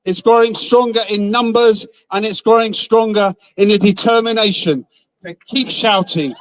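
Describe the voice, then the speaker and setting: A man's voice: high voice, fairly even intonation, moderate pace, no room sound, poor audio. A man giving an impassioned speech at an outdoor protest rally, building his points through repetition. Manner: rousing, repetitive rhetoric. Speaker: speaker at a rally.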